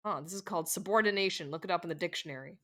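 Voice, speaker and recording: A woman's voice: fairly low pitch, rapid-fire, a bit bright. A woman streamer joking and laughing as she comments live on a story game.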